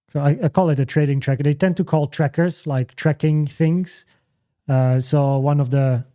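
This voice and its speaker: A man with a slightly high, warm voice hosts a casual livestream from home, chatting and answering questions. His speech is halting, full of fillers, restarts and repeated words.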